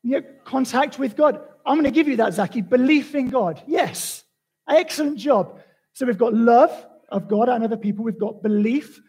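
Male pastor, husky and fairly high, chatty animated sermon delivery. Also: moderate pace, poor audio. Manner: animated storytelling, conversational.

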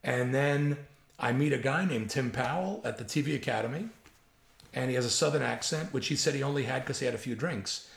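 Sixties New York writer, gravelly, spins lively anecdotes in an echoey room. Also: male voice, medium pitch, a little fast. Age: 60s. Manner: animated anecdotal storyteller, gravelly. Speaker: guest, writer. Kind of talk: storytelling interview. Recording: roomy echo.

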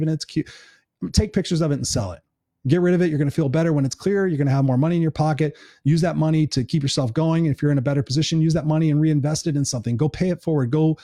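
A middle-aged man talking quickly in an earnest, encouraging live-stream chat. His voice sits a bit high but sounds dark and mellow. The sound is dry and close, with no room around it. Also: dry recording. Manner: earnest, encouraging, swears casually. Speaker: live show host.

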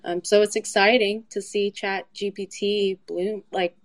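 A woman's voice: mid-range voice, flat delivery, unhurried, no echo. Hesitant woman talking in casual chat. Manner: hesitant, many fillers and restarts. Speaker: guest speaker.

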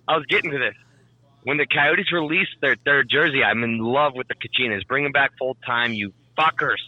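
Male podcast co-host, animated and profane, bright dry voice. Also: mid-range voice, a little fast, dry recording, dull audio. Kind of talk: casual chat.

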